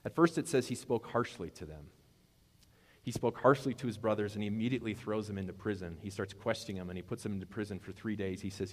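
A pastor with a lowish voice speaks fairly quickly, preaching conversationally and asking his congregation questions while he retells a story. The recording has long hall reverb.

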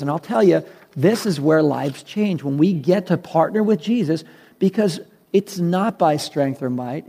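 Male pastor, mellow and fairly high voice, chatty sermon that acts out little scenes. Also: vocal fry, breathy edge. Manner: conversational, acts out dialogue in his stories. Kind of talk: sermon with personal story.

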